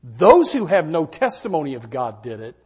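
High-voiced animated male pastor preaching. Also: moderate pace. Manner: animated, swings from soft asides to loud exclamations. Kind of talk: sermon. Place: church sanctuary.

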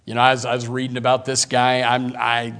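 Pastor guy preaching, slow scripture reading, loud outbursts then quiet again. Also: medium pitch, completely flat delivery. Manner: emphatic preaching with sudden loud bursts and drawn-out scripture reading. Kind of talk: sermon.

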